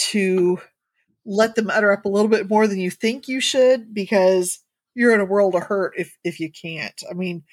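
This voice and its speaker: A woman co-hosting a casual podcast chat, talking in a thoughtful, measured way with some hedging. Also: medium pitch, dry recording. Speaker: podcast co-host.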